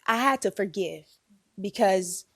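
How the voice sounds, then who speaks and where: Gravelly woman fighting back tears. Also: medium pitch, lively intonation, a little slow, a bit bright, no room sound, studio quality. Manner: emotional, confessional storytelling. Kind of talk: candid group conversation.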